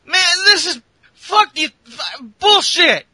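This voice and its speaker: A man's voice: high-pitched, quick pace, pushed and bright, no echo, voice pushed up. A man putting on the voice of an angry male wrestler who swears and threatens to beat up opponents. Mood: furious. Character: furious male wrestler storming off, foul-mouthed.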